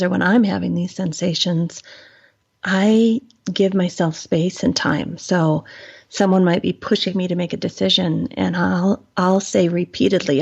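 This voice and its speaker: Gravelly, husky woman telling a story. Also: lowish voice, muffled recording. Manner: animated storyteller acting out quoted voices. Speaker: guest. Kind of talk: casual podcast conversation.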